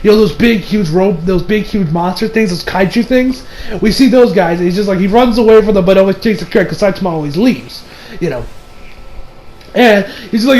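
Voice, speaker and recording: A man's voice: sits high, brisk, a little mellow, rough recording. A young man giving a rambling, casual recap of an anime episode, acting out the characters' lines and laughing as he goes. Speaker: anime reviewer.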